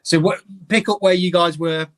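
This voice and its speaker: Male co-host, casual and reassuring; steers the show; slightly high pitch. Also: steady tone, moderate pace. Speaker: stream co-host. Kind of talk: casual live-stream chat.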